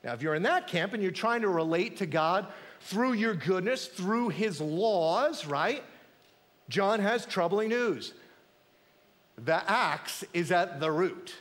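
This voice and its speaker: A man's voice: sits high, lively intonation, slow, a bit bright. A man preaching a sermon as pastor, emphatic and dramatic, acting out the voices in the passages he quotes. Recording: echoey hall.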